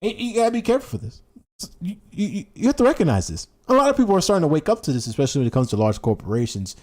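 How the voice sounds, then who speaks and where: This man's high voice swoops wildly in pitch, rapid-fire and darkish in tone. He's a political commentary streamer ranting casually, reading headlines aloud, stumbling over words and restarting many times. He emphatically repeats phrases for effect.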